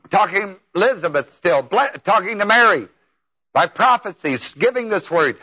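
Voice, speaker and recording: A man's voice: high voice, expressive, normal speed, sharp tone, breathy edge. A man preaching a sermon in a folksy, emphatic way, with exclamations. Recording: dull lo-fi tape.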